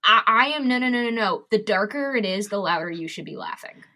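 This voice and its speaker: Animated and fairly quick, a woman comedian and advocate talks bluntly and emphatically as a podcast guest in a candid interview, swearing a lot. Her medium-pitched voice sounds pushed and bright.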